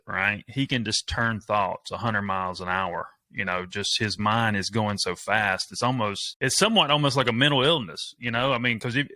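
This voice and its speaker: A man hosting a podcast interview, relaxed, asking his guest questions. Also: fairly low pitch, dry recording. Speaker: podcast host. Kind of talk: casual interview.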